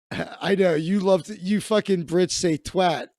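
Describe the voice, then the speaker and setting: A man's voice: sits high, steady tone, takes it slowly, creaky, darkish tone, no echo, clean studio sound. A man hosting a comedy livestream, riffing crudely and profanely with lots of restarts. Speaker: livestream host. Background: faint music playing.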